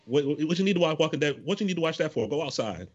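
A young man co-hosting a podcast talks very fast in a fairly high voice, with lo-fi sound quality. In casual chat, he tells stories animatedly, full of jokes and slang.

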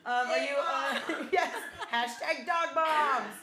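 Playful giggly woman co-host, higher voice. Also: pushed and bright. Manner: playful, giggly, quick quips. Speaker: co-host of a live music show. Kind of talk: casual on-air chat.

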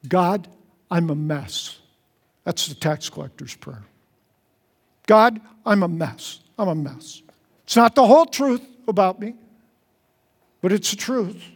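Earnest high-voiced male pastor in echoing hall. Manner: earnest, repeats phrases, drops to soft low tones for prayers. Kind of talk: sermon. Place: large church hall. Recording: long hall reverb.

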